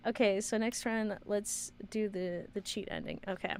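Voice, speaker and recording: Woman streaming a game, laughs a lot, gets all worked up, mid pitch. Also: moderate pace, few pauses, clear, resonant tone, no echo. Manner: giggly and excitable. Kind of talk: casual game stream commentary.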